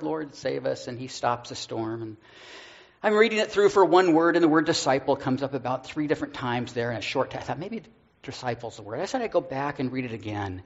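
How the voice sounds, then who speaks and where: A man's voice: mid-range voice, highs cut off. A man, a pastor, sharing a personal story in a sermon, earnest and self-deprecating, with stammered restarts.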